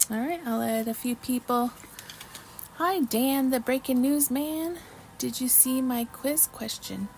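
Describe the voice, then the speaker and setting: A woman's voice: high-pitched, slow, pauses often, a little mellow, a little hiss or hum, rough recording. A woman hosting a casual livestream while crafting, chatting with viewers, reading trivia questions and often apologizing. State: mouth full of chocolate at times. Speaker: livestream host.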